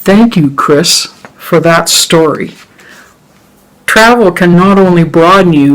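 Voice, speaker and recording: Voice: mid-range voice, slow pace, fairly bright tone, low-quality recording. A host thanking the storyteller and adding a light remark after the story. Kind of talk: thanking the teller.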